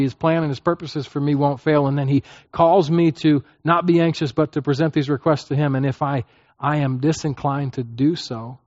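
A man's voice: mid-range voice, a little mellow, dry recording. Man preaching with dry, dull sound. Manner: conversational teaching, frequent "okay?" check-ins, acts out prayers. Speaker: pastor. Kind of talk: sermon.

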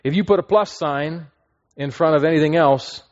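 A man's voice: a little high, moderate pace. Conversational male preacher, lo-fi sound. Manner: conversational, checks in with listeners often. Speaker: pastor. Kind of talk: sermon.

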